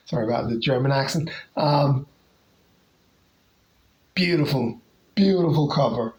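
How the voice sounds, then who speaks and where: A comic collector casually showing off favorite covers, talking hesitantly with lots of pauses and restarts. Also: mid-range voice, poor audio. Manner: hesitant, many fillers and restarts.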